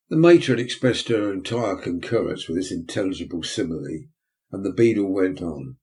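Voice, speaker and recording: A man narrating a classic novel as an audiobook, measured and low-key. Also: lively intonation, a little mellow.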